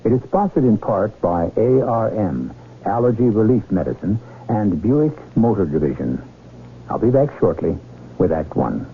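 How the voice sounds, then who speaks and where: A man hosting and narrating a radio mystery show in a measured, ominous way. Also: fairly low pitch, very animated, a little hiss or hum. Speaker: radio drama host. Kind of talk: scripted narration. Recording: tinny old radio broadcast with music.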